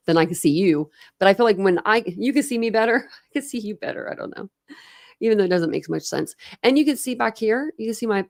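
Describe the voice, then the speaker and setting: An American woman hosting a casual livestream from her room at home, drifting from one topic to the next with plenty of laughs and fillers. Her voice has a noticeable gravelly fry, and her pitch sits in the middle range for a woman. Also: a little mellow. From United States. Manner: chatty and rambling, with frequent laughs and fillers. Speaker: true crime livestream host. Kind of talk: casual livestream chat with viewers. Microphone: desk camera setup.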